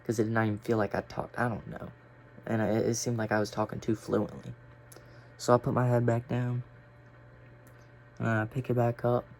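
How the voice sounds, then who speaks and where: A man's voice: medium pitch, little pitch movement, moderate pace, pauses often, a little mellow, a little hiss or hum. A young man telling a story casually, rambling and swearing with lots of fillers. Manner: rambling, profane, filler-heavy.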